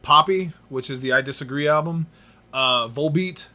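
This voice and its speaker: A man hosting a podcast, telling stories in an animated, self-mocking way. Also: fairly high pitch, moderate pace. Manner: animated storyteller, laughs at himself. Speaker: podcast host. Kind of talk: casual podcast chat.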